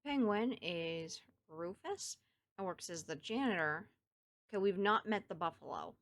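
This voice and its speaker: A woman's voice: lowish voice, expressive, measured pace. A woman with a Southern US accent streaming a game, chatting casually with her viewers and thinking aloud as she plays. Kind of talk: casual gameplay chat with viewers.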